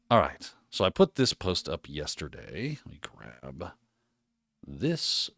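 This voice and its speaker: A man hosts a casual livestream at his desk mic and talks with lively, swinging pitch. He is energetic and encouraging, restarts often and tags his points with "right?". The sound is close and dry. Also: slow, vocal fry, no echo. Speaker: host.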